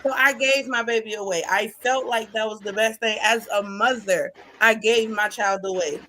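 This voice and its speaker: A woman's voice: a little high, steady tone, normal speed, fairly bright tone. A woman talking about her father in a casual, heartfelt podcast chat, laughing often. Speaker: podcast guest.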